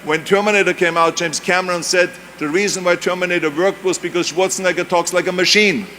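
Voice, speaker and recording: A man with a high voice speaks at a quick pace and fairly even intonation, with background noise present. In his seventies and from Europe, he's a native German speaker with a German accent, giving an emphatic, anecdotal motivational speech at a university event while poking fun at himself.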